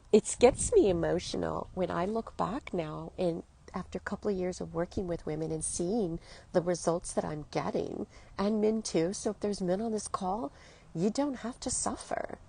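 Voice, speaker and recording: Gravelly-voiced woman health coach. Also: fairly low pitch, normal speed, mellow. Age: 50s. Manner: earnest, emotional, addresses listener directly. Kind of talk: motivational monologue to listeners.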